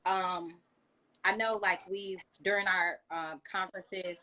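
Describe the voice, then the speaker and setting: Co-host, woman, slightly low pitch, easygoing questioner, filler-heavy chat. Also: steady tone, slow pace, pushed and bright, low-quality recording. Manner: casual, agreeable, many fillers and "like". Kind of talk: casual podcast interview.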